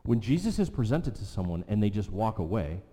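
A man preaching a sermon, his voice low-pitched and mellow. He presses his points and repeats key lines for weight. The sound rings with the long reverb of a large hall. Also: sing-song, fairly quick. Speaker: pastor.

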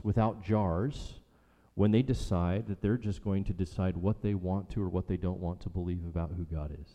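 A pastor with a low, mellow voice preaches a sermon emphatically and rhetorically, repeating key lines for weight. The recording carries a long hall reverb.

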